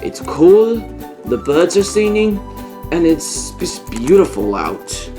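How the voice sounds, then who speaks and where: A man voicing a male ape swordsman who acts as a sensei, jumpy and boastful but calm when teaching, in a homemade toy-animal story. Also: fairly high pitch, slow pace, faint music behind, voice pushed up. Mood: cheerful.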